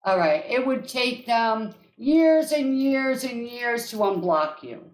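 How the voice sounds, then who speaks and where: A woman's voice: fairly high pitch, lively intonation, slow pace, reverberant. A woman hosting a live coaching call as an energy healer, emphatic, repeating affirmations in a chanting rhythm.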